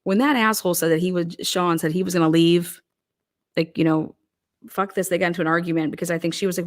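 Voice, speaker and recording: A woman's voice: on the low side, fairly even intonation, quick pace. A woman giving casual, profane true crime commentary, blunt and heated, firing off rhetorical questions.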